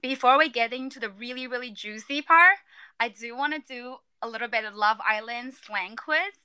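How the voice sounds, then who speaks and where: A woman's voice: on the high side, moderate pace, bright, forceful tone, clear, resonant tone, no echo. A woman hosting a casual chat, animatedly explaining slang. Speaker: podcast host.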